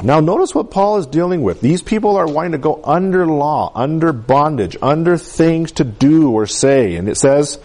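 A man with a fairly high voice preaches a sermon. His pitch swings widely as he acts out the people he quotes, rising and falling with each line. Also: animated, moderate pace, few pauses, a little mellow.

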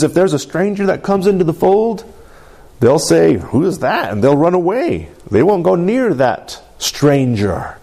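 A man's voice: medium pitch, mellow. A man preaching a sermon in an earnest storytelling way, calling out to the congregation. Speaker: pastor.

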